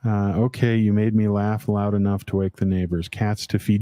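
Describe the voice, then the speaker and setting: A man's voice: on the low side, normal speed, dark tone, dry recording. A man hosting a casual livestream chat, rambling with many "uh" fillers, speaking on a video call mic. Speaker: livestream host.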